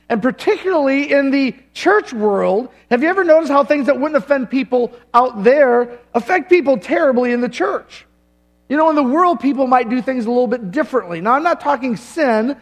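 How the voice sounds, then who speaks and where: High-voiced man preaching a sermon. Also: lively intonation. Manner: emphatic preaching with dramatic pauses and humor. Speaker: pastor.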